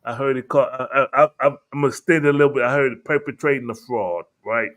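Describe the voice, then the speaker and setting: A man's voice: mid-range voice, quick pace, fairly bright tone. A man hosting a heated casual debate, emphatic and storytelling as he asks for the floor.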